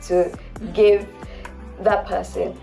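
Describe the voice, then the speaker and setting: Nigerian woman diction coach, slow, emphatic delivery over soft background music. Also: mid-range voice, little pitch movement, gravelly. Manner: deliberate, emphatic, demonstrative. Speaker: diction instructor. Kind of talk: instructional video lesson.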